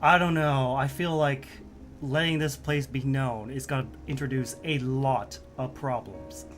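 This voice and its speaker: A man's voice: medium pitch, steady tone, unhurried, a bit bright, soft background music. A man streaming a game, chatting casually, joking and reading story text aloud. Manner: chatty, joking, laughs often.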